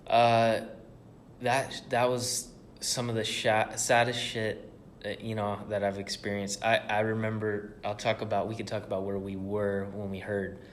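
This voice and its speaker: A man's voice: fairly low pitch, monotone, a little slow, slight background noise. A young man co-hosting a podcast, telling stories in a loose, rambling way with plenty of swearing. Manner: loose, profane, rambling storytelling. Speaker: podcast co-host. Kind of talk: casual chat.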